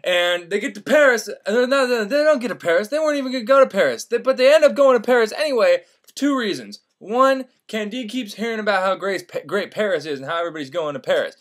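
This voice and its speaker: High-voiced man swearing through a comic retelling. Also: fast talker, hardly any pauses. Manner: profane, rambling, animated, jumps into silly voices for characters. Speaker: storyteller retelling a classic novel.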